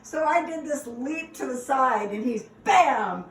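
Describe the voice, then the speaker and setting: Lady spinning family stories, laughs a lot, kinda high voice, echoey room, mic far off. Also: measured pace. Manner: animated, laughing, acts out quotes. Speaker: storyteller. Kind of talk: casual storytelling.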